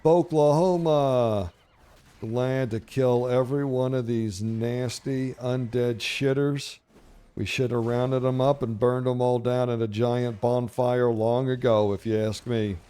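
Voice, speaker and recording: Smooth and dark, with medium pitch, fairly even intonation and a slow pace, a middle-aged man hosts a gaming channel. He tells rambling, profane stories over gameplay commentary, brash and jokey.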